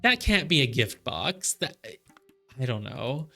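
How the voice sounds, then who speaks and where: A man's voice: medium pitch, sing-song, measured pace, vocal fry, pushed and bright, faint music behind. A young man streaming a puzzle game live, chatting and puzzling aloud with lots of fillers.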